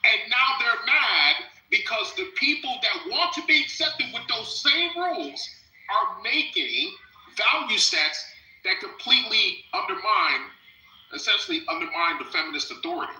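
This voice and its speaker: Emphatic debater man, bright edgy tone, roomy echo, preachy with many restarts. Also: sits high, expressive, moderate pace. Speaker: debate participant. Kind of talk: heated debate argument.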